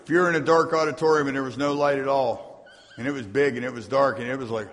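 A man's voice: mid-range voice, quick pace, a bit bright. A man preaching a sermon as pastor, reading scripture aloud and tossing asides to his congregation in a church sanctuary. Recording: long hall reverb.

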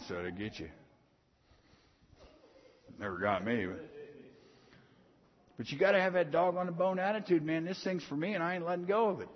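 A middle-aged man preaches with a folksy, storytelling delivery, dropping to quiet asides and then punching lines out loud. His voice sits a little high and sounds husky. The recording is muffled and carries a long hall reverb. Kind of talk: sermon.

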